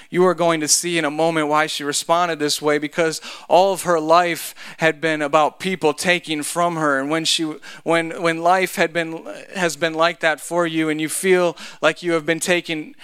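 Bright-voiced preacher. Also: male voice, fairly high pitch, flat delivery, moderate pace, hardly any pauses, smooth. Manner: conversational, joking asides. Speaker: pastor. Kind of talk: sermon.

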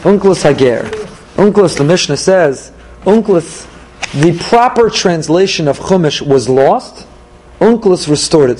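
A man teaching a Torah class, animated, asking questions and answering them himself. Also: on the high side, low-quality recording.

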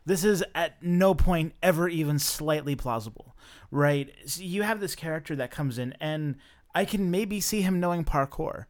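Skeptical man with a slightly high voice. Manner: skeptical, halting with fillers. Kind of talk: casual chat.

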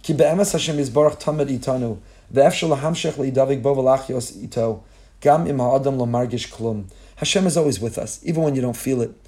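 A man's voice: mid-range voice, brisk, warm tone. A man teaching a Torah lesson in a sermon style, building his points through long repeated lists and mixing in Hebrew phrases. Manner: impassioned, repetitive rhetorical lists.

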